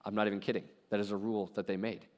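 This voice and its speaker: A man pastor giving a conversational sermon, retelling a story in a casual, animated way with lots of "like.". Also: on the low side, rapid-fire. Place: church sanctuary. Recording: long hall reverb in a church.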